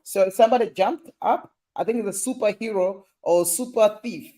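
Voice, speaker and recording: High-voiced, playful man live-streaming. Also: moderate pace, mellow. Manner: playful, teasing, laughs often. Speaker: livestream host reading viewer comments. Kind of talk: casual live-stream chat.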